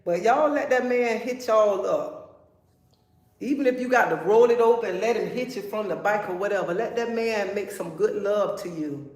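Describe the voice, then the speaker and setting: A woman's voice: medium pitch, normal speed, a little mellow, echoey room. A woman hosting a casual livestream, talking frankly and preachily and often checking in with "okay?" and "honey". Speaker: livestream host.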